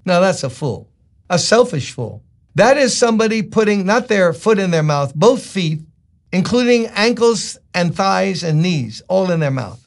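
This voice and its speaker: A man preaching a sermon as a pastor, telling the story in a conversational, joking way. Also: on the high side.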